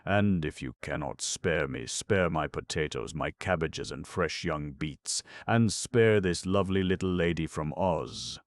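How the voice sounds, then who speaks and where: A man voicing a cheerful vegetable peddler who flatters and coaxes. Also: extremely low pitch, a little slow, hardly any pauses, dry recording. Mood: coaxing. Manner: flattering, coaxing. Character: cheerful smooth-talking male vegetable peddler.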